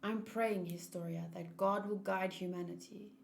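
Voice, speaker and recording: A woman voicing a solemn, pious older father who speaks softly. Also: mid-range voice, fairly even intonation, normal speed, vocal fry, a little hiss or hum, pitched below the performer's own voice, lightly acted. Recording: roomy echo.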